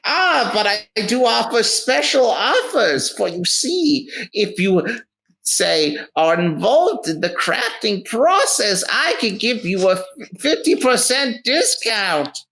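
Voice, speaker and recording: A woman's voice: very animated, slow pace, creaky, fairly bright tone, exaggerated voice. A woman voicing a theatrical male wizard shopkeeper who talks like a pushy salesman. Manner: grandiose, sales-pitch delivery.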